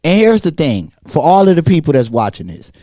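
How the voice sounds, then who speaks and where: A man co-hosting a casual talk show, animated and laughing as he talks. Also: on the high side, brisk, dry recording, studio quality. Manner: animated, laughs while talking. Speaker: podcast co-host. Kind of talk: casual chat.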